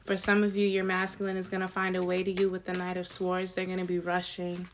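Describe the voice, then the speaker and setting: A woman giving a casual tarot reading to her viewers, chatty and slangy with excited asides. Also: fairly low pitch, fast talker, a little hiss or hum. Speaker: tarot reader.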